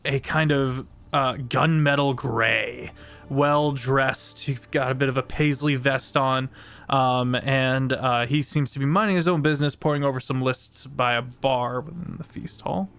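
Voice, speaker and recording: A man runs a tabletop game, describing scenes in a halting way with frequent fillers. His voice sits at a middling pitch, and faint music plays underneath. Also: steady tone, fairly bright tone. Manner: halting, many fillers, laughs easily. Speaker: game master.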